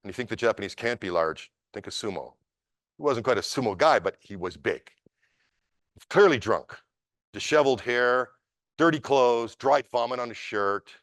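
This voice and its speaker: A man, a martial arts instructor, telling a story at a seminar in an animated, emphatic way. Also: mid-range voice, normal speed, no room sound, studio quality.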